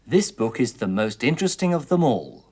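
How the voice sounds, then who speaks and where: A man teaching English in a scripted 1980s television lesson, speaking clearly and deliberately through word drills. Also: medium pitch, sing-song, darkish tone. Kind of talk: slow, scripted language lesson. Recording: 1980s educational television recording.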